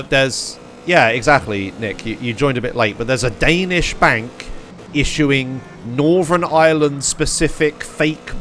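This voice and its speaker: A young Englishman chats casually on a live stream, ranting in disbelief, swearing often and laughing a lot. His voice is mid-range, and there's a little hiss or hum on the audio.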